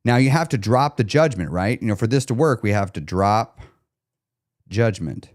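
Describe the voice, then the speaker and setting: A man's voice: lowish voice, lively intonation, normal speed. A man coaching viewers on a live stream, speaking emphatically, repeating key questions and checking in with his audience. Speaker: weight loss coach.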